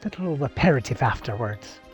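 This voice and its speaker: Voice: mid-range voice, animated, brisk, faint music behind, close to an everyday voice. Casting: a player as a gracious, genteel male elf who savors every dish. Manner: polite, genteel phrasing. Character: male wood elf, courteous and gourmet. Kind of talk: online game role-play.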